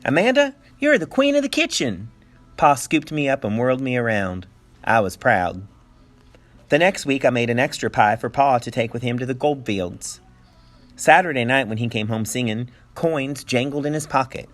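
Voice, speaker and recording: A male teacher reading a picture book aloud with animated storytelling and playful asides. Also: mid-range voice, normal speed, faint music behind.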